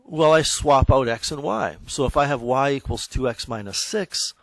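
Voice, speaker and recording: At a normal speed and a typical middle pitch for a man, a high school math teacher explains a lesson to his class in an easygoing, chatty way, stopping now and then to check in. The audio is close and dry, with hardly any echo.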